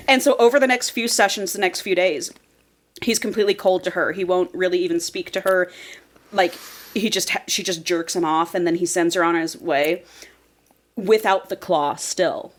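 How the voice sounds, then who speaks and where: A lower-voiced woman co-hosting a podcast, recapping a novel in easy, casual chat. She tells the story in a giggly, animated way and laughs often. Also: moderate pace.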